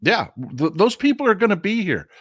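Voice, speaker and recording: A man hosting a casual political livestream, talking straight to his viewers in a profane, animated way and calling them folks. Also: high-pitched, fairly quick, husky, no echo, clean studio sound. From Texas. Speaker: political commentary host.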